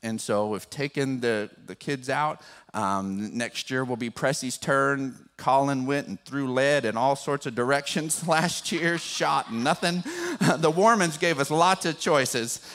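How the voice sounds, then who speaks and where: An older man, a grandfather and pastor, telling a personal story in a sermon that builds into animated preaching. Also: medium pitch, measured pace. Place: church sanctuary.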